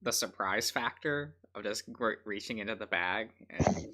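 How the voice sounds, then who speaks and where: A man's voice: on the low side, normal speed, bright, forceful tone. A man streaming and chatting casually with friends in an easygoing, offhand way. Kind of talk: casual group chat while streaming.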